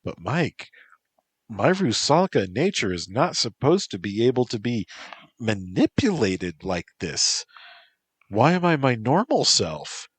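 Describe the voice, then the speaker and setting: A man's voice: medium pitch, big pitch swings, slow, breathy edge, no echo, pitched above the performer's own voice, exaggerated voice. Man voicing a stern female water spirit. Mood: worried. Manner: firm, insistent.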